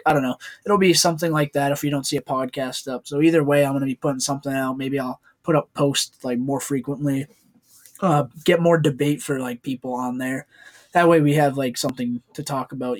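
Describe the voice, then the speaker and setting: A young man co-hosting a casual podcast, talking loosely with frequent laughter and swearing. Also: medium pitch. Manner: loose, profane, laughs often. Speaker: podcast co-host.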